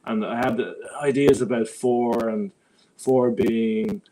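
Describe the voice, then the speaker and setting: Man, podcast guest, rambling and reflective, mid-pitched voice, faint background noise and rumble. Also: steady tone, takes it slowly, warm tone, low-quality recording. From Ireland. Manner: rambling, reflective, many restarts. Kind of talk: casual podcast conversation.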